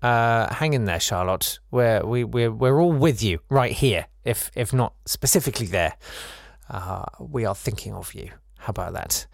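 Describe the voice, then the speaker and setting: A man hosting a podcast, chatting casually in a wry, rambling, gently self-mocking way as he reads out and answers listener messages. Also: fairly low pitch, animated, moderate pace, creaky, dry recording, clean studio sound. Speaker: podcast host.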